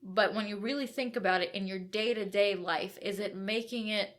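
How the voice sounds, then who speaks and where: A woman's voice: medium pitch, moderate pace. A woman with a mid-range voice co-hosts a book discussion podcast. She lays out her ideas point by point, asks rhetorical questions and checks in with "right?" and "you know". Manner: explanatory, builds points step by step with "right?". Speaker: podcast co-host.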